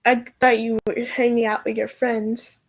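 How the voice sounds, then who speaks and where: A woman voicing a shy young female dryad student in a tabletop role-play, speaking in a gentle, hesitant way. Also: a little high, level tone, unhurried. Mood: friendly.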